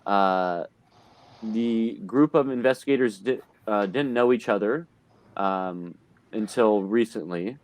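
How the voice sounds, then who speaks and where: A man's voice: on the low side, slow pace. A man narrating and recapping a tabletop horror game as game master, hesitant with many fillers and restarts, talking into a desk mic on an online call.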